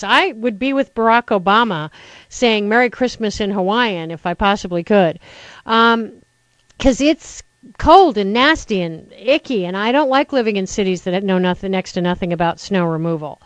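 A middle-aged woman hosting a talk radio show, ranting in an animated, sarcastic way. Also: medium pitch, dry recording, poor audio. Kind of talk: opinionated talk radio rant.

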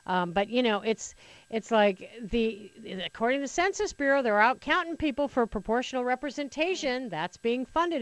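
A woman's voice: medium pitch, no echo. Sarcastic woman talk radio host. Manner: sarcastic, opinionated, chatty with many restarts. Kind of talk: political talk radio monologue. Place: radio studio. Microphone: studio microphone.

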